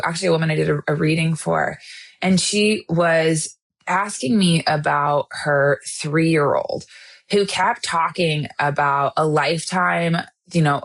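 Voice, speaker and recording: Low-voiced earnest woman co-host. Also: fairly bright tone. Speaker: podcast co-host and intuitive reader. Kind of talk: casual chat.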